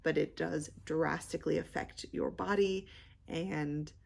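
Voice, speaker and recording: A young woman chatting casually about books she read, rambling with many fillers and pausing to search for words. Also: low voice, fairly even intonation, creaky, darkish tone. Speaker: book vlogger. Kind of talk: casual book review chat.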